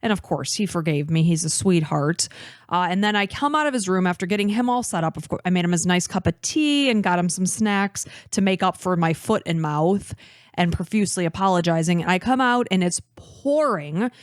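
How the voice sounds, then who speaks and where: A woman's voice: lowish voice, brisk, no echo. Teary woman in her 30s hosting a podcast, dry close sound. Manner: emotional, talks openly about crying. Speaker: podcast host. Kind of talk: casual chat and case narration.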